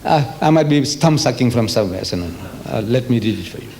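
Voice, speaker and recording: An older South African man gives an Islamic religious lecture to an audience, animated and rhetorical, frequently putting questions to his listeners. He talks fast in a mid-range voice.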